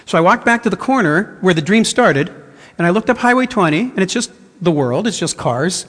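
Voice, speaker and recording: A man preaching as pastor, his fairly high voice carrying an earnest, searching tone. He tells a personal story, often restarting his sentences. The sound rings with the long reverb of a church hall. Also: expressive, brisk, a bit bright. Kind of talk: sermon.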